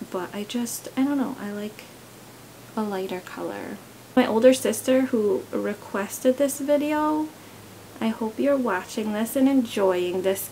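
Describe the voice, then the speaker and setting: A woman's voice: medium pitch, vocal fry, darkish tone, a little hiss or hum, low-quality recording. A young woman chatting casually while doing a makeup tutorial, rambling into stories along the way, recorded close to the camera. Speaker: beauty vlogger.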